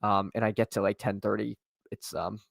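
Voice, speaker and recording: A man's voice: on the low side, steady tone, normal speed, gravelly, a bit bright, no echo, clean studio sound. A man streaming fantasy football drafts, talking casually to his chat with lots of restarts and fillers, his voice getting tired. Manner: rambling, many restarts and fillers, talks to chat. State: voice tiring. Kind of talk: casual live-stream commentary.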